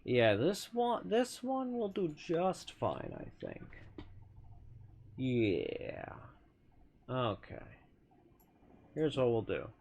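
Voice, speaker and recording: A man's voice: fairly high pitch, very animated, extremely slow, long pauses, darkish tone. A man streamer giving casual gameplay commentary in a chatty, playful way, with lots of self-correcting asides.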